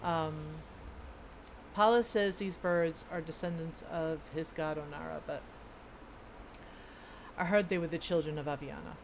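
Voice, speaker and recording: A young woman streams a video game and chats casually, rambling and amused at herself. Her voice sits low with fairly even intonation, and she speaks unhurriedly with frequent pauses. A slight hiss or hum runs under the recording.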